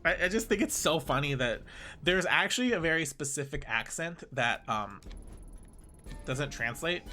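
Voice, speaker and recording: A man's voice: fairly high pitch, lively intonation, moderate pace, sharp tone, faint music behind. A man streaming a story game, commenting in an amused, rambling way between lines.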